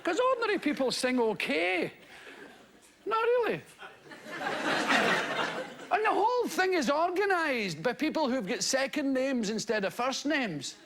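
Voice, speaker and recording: A man's voice: extremely high pitch, a little slow, long pauses. A man with a Scottish accent performing a rambling, mocking stand-up routine on stage before a live audience. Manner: rambling, mocking, lively storytelling. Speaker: stand-up comedian. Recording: loud noisy live stand-up recording with audience laughter.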